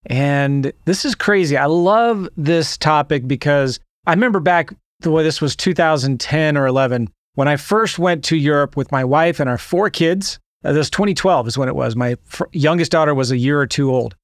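A man hosting a podcast, opening the episode with an energetic monologue full of rhetorical questions to his listeners. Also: on the high side, moderate pace, dry recording, studio quality. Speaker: podcast host.

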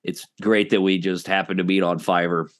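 Male podcast guest, lowish voice, halting, rambling casual talk. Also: flat delivery, fairly bright tone. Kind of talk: casual chat.

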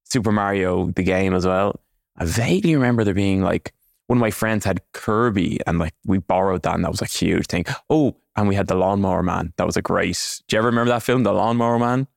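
A man's voice: low-pitched, brisk, gravelly, no room sound, clean studio sound. A man in his thirties hosting a casual quiz, teasing and joking with his co-host.

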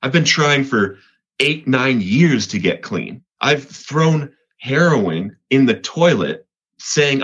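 A man's voice: medium pitch, lively intonation, takes it slowly, a bit bright, slightly rough, muffled recording. A man from Colorado, a podcast guest giving an earnest personal faith testimony, often restarting and repeating words.

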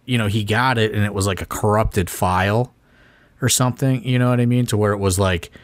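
Male co-host, lowish voice, excitable, swears a lot, dry close sound. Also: fairly quick, dry recording. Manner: excitable, profane, filler-heavy. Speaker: podcast co-host. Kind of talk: casual chat.

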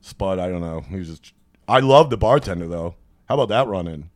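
Low-voiced guy on a podcast, telling a rowdy bar story, dead dry sound. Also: brisk, no echo. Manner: profane, animated anecdote-telling, acts out quoted people. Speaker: podcast host. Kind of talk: casual storytelling chat.

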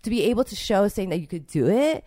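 A woman's voice: mid-range voice, lively intonation, quick pace, dark tone. Young woman gushing in an interview, says like a lot, voice bouncing all over. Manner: chatty, emotional, full of fillers like "like". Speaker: interviewed street artist. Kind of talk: casual interview talk.

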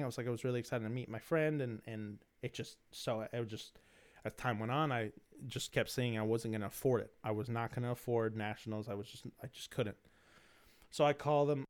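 A man's voice: medium pitch, smooth. A young man hosting a podcast, telling a rambling story in slangy, swearing casual talk, his throat dry and coughing. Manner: rambling, slangy, swears freely, many restarts. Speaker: podcast host.

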